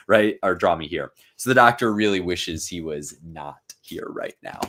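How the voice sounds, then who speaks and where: A man's voice: low-pitched, lively intonation, moderate pace, few pauses, a bit bright. A man in his thirties hosting a live-stream reading, explaining a play in a casual, conversational way with frequent fillers and checks like "right?". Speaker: literature teacher and channel host.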